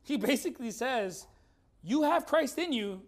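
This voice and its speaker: A man's voice: very high voice, animated. Emphatic male preacher asking rhetorical questions. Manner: reads scripture slowly and deliberately. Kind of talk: sermon with Bible reading.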